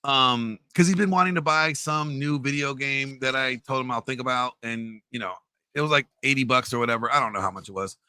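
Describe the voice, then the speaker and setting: A man telling a story in casual chat, loudly acting out the voices in it. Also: medium pitch, a little fast, smooth, no room sound. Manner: animated storyteller, acts out quotes loudly. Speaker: podcast co-host telling a story.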